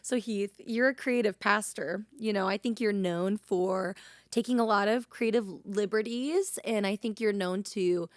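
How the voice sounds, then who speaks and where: A woman co-hosting a church podcast in casual chat, animated and laughing often, with a rich, slightly throaty voice. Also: medium pitch, a little slow, no room sound, clean studio sound. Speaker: podcast co-host.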